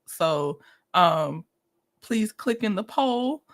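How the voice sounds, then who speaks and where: A woman's voice: medium pitch, lively intonation, drawn-out words. A woman hosting a casual livestream, chatting with viewers, greeting them by name and laughing often as she reviews a reality show.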